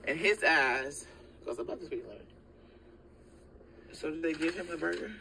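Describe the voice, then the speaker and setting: A woman's voice: sits low, expressive, moderate pace, creaky, background noise. A woman chatting casually inside a car at night, teasing her partner and talking to viewers. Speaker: girlfriend in a filmed car clip. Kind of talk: casual chat while driving. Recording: car clip with loud background ambience.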